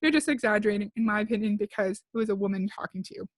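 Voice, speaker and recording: A woman's voice: medium pitch, very fast, no echo. Female reaction commentator, blunt and sarcastic, dry close-mic sound.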